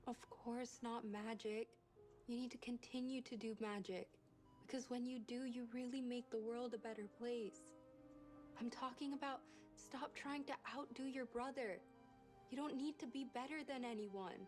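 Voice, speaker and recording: A woman's voice: a little high, fairly even intonation, darkish tone, lightly acted. An actress playing an anxious, loving wife who pleads with her husband. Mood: earnest. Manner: pleading, emotional, rapid. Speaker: worried wife in a drama clip. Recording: drama clip with music underneath.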